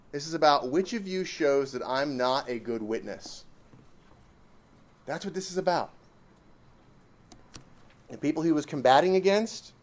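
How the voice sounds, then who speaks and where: A man's voice: a little high, a little mellow. A man preaching a sermon, emphatic and repetitive, pressing points with rising exclamations.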